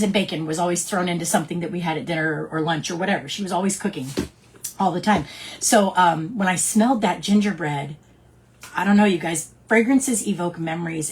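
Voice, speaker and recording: A middle-aged woman teaching fragrance blending in a chatty, animated storytelling way. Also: medium pitch, husky. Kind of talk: casual teaching talk.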